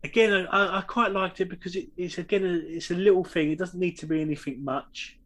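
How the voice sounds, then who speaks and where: A man co-hosting a podcast, talking casually and pausing to find his words. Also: sits high, fairly even intonation, fairly bright tone. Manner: halting, searching for words. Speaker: podcast co-host. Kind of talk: casual chat reviewing an episode.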